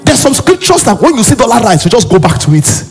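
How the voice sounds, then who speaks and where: A man preaching a sermon in a church. He is animated and often acts out characters. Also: very high voice, fast talker, slightly rough, faint music behind. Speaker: pastor.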